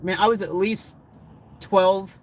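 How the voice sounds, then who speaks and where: A man chatting casually on a livestream, reading out chat comments and rambling excitedly with frequent laughter. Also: high voice, slow, rough recording.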